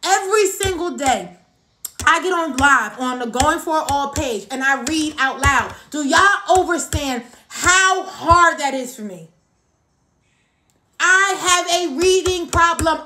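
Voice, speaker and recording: A woman in her thirties coaches her team over a live stream. Her voice sits very high, and she hammers each point home with repetition while calling out viewers by name. The sound carries a roomy echo. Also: unhurried, bright, forceful tone, a little hiss or hum. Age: 30s. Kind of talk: motivational live-stream talk.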